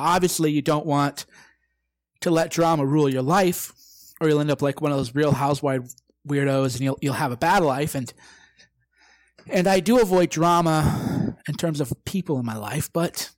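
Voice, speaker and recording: In a direct-to-camera motivational talk full of profanity, a brash man who's probably in his twenties performs the exchanges he quotes. His voice is a little high, and there's no echo.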